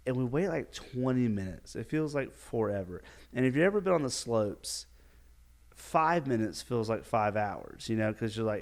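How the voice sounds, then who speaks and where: Man, youth minister, podcast host, casual storytelling, animated, chuckling, smooth clear voice. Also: mid-range voice, normal speed.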